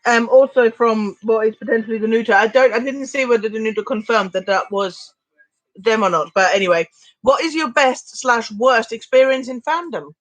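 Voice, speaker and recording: A woman from Switzerland co-hosting a live stream in casual chat, talking quickly with lots of fillers. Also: a little high, no echo, rough recording.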